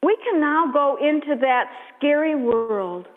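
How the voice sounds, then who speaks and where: High-voiced woman preaching slowly. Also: animated. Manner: slow, gentle, drops to a hush on repeated blessings. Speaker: pastor. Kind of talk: sermon. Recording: echoey hall over a thin phone-like line.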